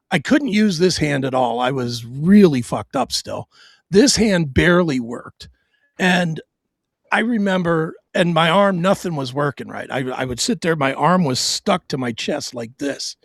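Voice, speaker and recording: A man's voice: a little high, expressive, unhurried, no echo, studio quality. A middle-aged man on his own show, telling a hard personal story bluntly and profanely, with stammered restarts.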